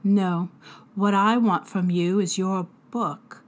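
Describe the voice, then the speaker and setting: A woman's voice: medium pitch, fairly even intonation, slow pace, close to an everyday voice. A woman voicing a cold, smug twelve-year-old boy mastermind with precise, condescending speech.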